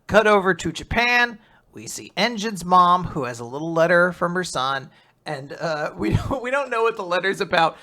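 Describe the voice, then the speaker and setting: A young man casually recapping a manga chapter, acting out the characters in quick voices and laughing often. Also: sits high, pushed and bright. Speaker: podcast host recapping manga. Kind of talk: casual chat.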